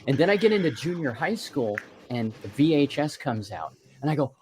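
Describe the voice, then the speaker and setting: A man's voice: medium pitch, big pitch swings, normal speed, darkish tone, slight background noise. Chatty man in his fifties hosting a stream. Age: 50s. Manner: chatty storyteller, rambling with restarts. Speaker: livestream host. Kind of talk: casual group chat on a live stream.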